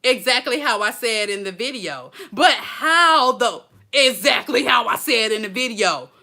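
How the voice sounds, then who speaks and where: A woman coaching viewers on a live stream, energetic and preachy, full of slang and laughter, talking into her phone. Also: a little high, moderate pace, vocal fry. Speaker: blogging coach hosting a live Q&A. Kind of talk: casual live-stream talk. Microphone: phone held close.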